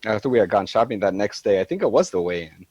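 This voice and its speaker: A man's voice: on the low side, very animated, quick pace, a little mellow, no room sound. A man guesting on a podcast, reminiscing in a rambling way with frequent laughs and trailing restarts. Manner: rambling, laughs a lot, many restarts and fillers. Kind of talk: casual chat.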